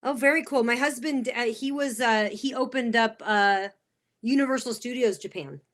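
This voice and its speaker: Middle-aged woman chatting on a podcast, rambly fun storyteller, highish voice. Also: normal speed. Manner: animated storyteller, many fillers. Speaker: guest, sales specialist. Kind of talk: casual chat, storytelling.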